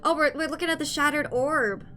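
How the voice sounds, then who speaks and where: Excitable young woman game streamer. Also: sits high, fairly quick, soft background music. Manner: excitable, teasing, chatting with viewers. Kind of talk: live game-stream commentary.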